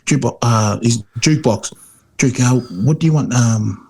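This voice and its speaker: Chatty storytelling man, mid pitch. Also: normal speed, a little mellow. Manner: storytelling, many fillers and restarts, acts out quotes. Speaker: podcast co-host, former rugby player. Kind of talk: casual chat.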